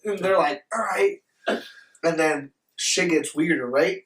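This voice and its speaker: A man's voice: fairly high pitch, a little slow, distant mic. A young man hosting a podcast, telling a rowdy story in a casual, profane way and acting out the people in it. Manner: animated, profane, quotes people in his story. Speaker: podcast host. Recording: echoey room, voice off-mic.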